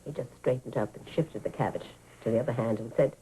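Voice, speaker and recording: An elderly woman telling children an old family story. Her voice is low, dark and husky. She lingers on the story with sighs and feeling. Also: fast, exaggerated voice, poor audio. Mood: warm reminiscing. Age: older. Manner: fond, vivid storytelling with sighs. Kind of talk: 1980s radio drama.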